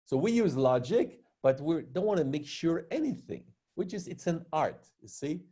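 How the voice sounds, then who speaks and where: A man with a fairly high, husky voice leads a philosophy session over a video call. His pitch swings animatedly as he teases and corrects participants bluntly, with frequent laughs. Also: animated, moderate pace, mellow. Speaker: philosophy workshop facilitator. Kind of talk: blunt live coaching.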